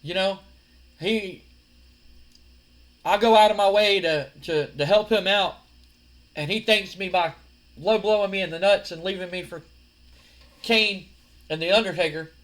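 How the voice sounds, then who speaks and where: A man's voice: high-pitched, unhurried, long pauses, a bit bright. A man voicing a blunt, macho male wrestler. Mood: gruff. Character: gruff tough male wrestler.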